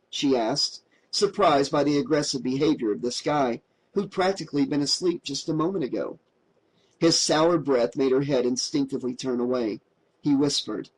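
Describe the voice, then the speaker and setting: A man narrating a horror audiobook in a steady, dramatic storytelling voice. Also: medium pitch, moderate pace, slightly rough, rough recording.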